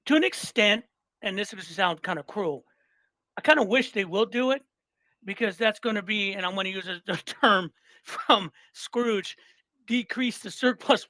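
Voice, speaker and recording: A man guesting on a podcast, talking in loose, animated chat and cursing freely. He retells comedy bits and repeats himself to drive points home. His voice is recorded dry, with no room sound. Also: high-pitched, dry recording. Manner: emphatic, repeats himself for stress.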